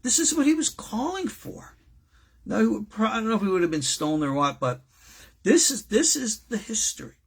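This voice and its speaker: A man's voice: high voice, a bit bright, husky. A man, a rabbi, giving an informal, emphatic lecture to his students in a conversational, digressive way. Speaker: rabbi teaching his school.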